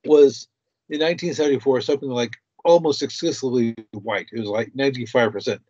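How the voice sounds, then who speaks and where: A man appearing as a guest on a talk show, explaining slowly and hesitantly with frequent fillers and restarts. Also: mid-range voice, darkish tone, slightly rough, no room sound. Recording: dry dull lo-fi sound.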